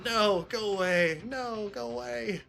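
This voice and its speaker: A man's voice: fairly high pitch, big pitch swings, a little fast, bright, forceful tone, soft background music, pitched above the performer's own voice. A man voicing a gleeful, sadistic male bear headmaster who taunts in a sing-song, mock-cheerful way. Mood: gloating.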